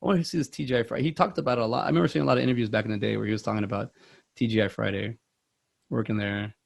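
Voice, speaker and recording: A man's voice: medium pitch, steady tone, very fast, creaky. A man hosting a movie podcast in casual, rambling chat, self-deprecating with many restarts. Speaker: podcast host.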